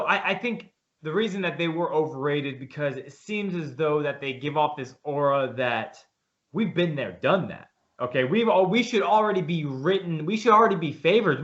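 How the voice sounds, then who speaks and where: A man with a bright, forceful voice co-hosts a casual sports talk show, pressing his points hard and tripping over his own restarts. The sound is dull and lo-fi. His pitch sits a bit high for a man. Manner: emphatic, rambling with repeated restarts. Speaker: podcast co-host.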